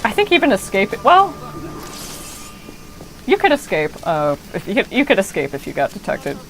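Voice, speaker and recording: Woman streamer, casual game commentary, gravelly voice, rambling, self-correcting. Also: mid-range voice, very animated, fast, soft background music, low-quality recording.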